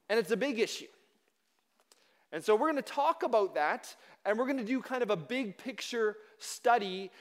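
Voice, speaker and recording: A man preaching as a pastor, chatty and self-deprecating as he teaches from the pulpit. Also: sits high. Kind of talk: sermon. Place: church sanctuary. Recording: long reverb of a large hall.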